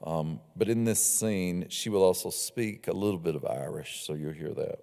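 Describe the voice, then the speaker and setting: A man's voice: low voice, moderate pace, vocal fry, hardly any pauses. A man, an author, talking casually about his book and reading from it in a lecture hall, with a few fillers. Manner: relaxed and conversational, with fillers.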